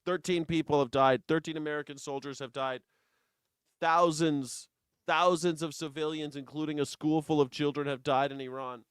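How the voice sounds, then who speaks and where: A man's voice: a little high, steady tone, normal speed, clean tone, dry recording. A man hosting a live news reaction show, talking in a sarcastic, rambling, jokey way. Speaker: host.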